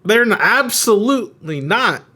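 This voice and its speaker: A young adult man co-hosting a church podcast, chatting casually, candid and joking with animated asides. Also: sits high, measured pace. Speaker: podcast co-host and worship leader.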